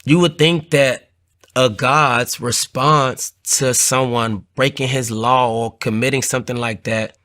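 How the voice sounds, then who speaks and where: A man telling his own conversion story in an earnest, heartfelt way, often repeating phrases and lifting his voice as he recalls the moment. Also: pushed and bright. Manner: earnest, repeats phrases, rises in pitch when moved. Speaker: testimony speaker. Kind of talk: personal testimony.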